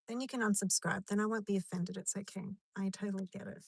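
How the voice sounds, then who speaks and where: A woman's voice: medium pitch, flat delivery, fast talker, creaky, hardly any pauses, breathy edge, no room sound. A woman chatting on a live stream from her car in a rambling, chatty way, answering comments as they come in. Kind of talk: casual live stream chat.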